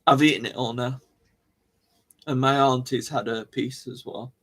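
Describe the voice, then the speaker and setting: Slow, chatty man laughing a lot. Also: medium pitch, fairly even intonation, fairly bright tone. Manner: chatty, laughs often, restarts sentences. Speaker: livestream host. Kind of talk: casual rambling live chat.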